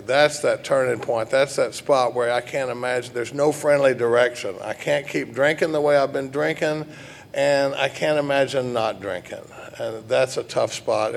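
Folksy man with a gravelly voice. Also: mid-range voice. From Dallas, Texas. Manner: folksy, joking, halting with fillers and restarts. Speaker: recovery meeting speaker. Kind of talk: personal talk to a recovery group.

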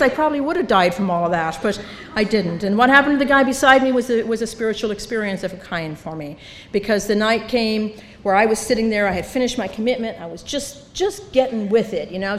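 A woman's voice: a little high, lively intonation, fairly quick. An older woman sharing her recovery story at a meeting, storytelling with humor and acting out the voices of others. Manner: storytelling, acts out voices, self-mocking humor. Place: meeting hall. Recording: reverberant hall, faint background noise.

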